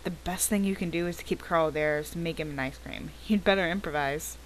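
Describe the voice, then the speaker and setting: Woman gamer reading game text out loud, chatty and casual, faint hiss in the audio. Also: deep voice, brisk, low-quality recording. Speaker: let's play gamer.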